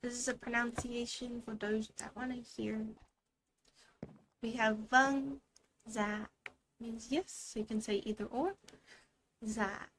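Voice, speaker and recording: A woman's voice: fairly high pitch, fairly even intonation, moderate pace, background noise. A woman giving a playful, chatty language lesson while streaming a game. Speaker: VTuber language teacher.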